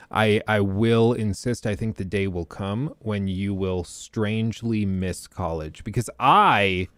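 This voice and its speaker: A man's voice: lowish voice, dry recording, studio quality. A young man hosting a live stream, chatting casually and greeting his viewers by name.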